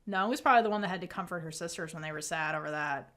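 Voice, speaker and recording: Speaking rapid-fire with a lowish but fairly bright voice, this woman co-hosts a laid-back recap podcast. She retells the plot full of "like" and casual cursing, voicing the characters' lines as she goes.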